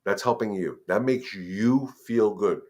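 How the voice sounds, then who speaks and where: A man with a lowish, darkish voice and measured pace hosts a live dog-training Q&A stream, giving casual advice. He talks straight to viewers, calling them "guys" and repeating words, and turns firm and emphatic when laying down the rules.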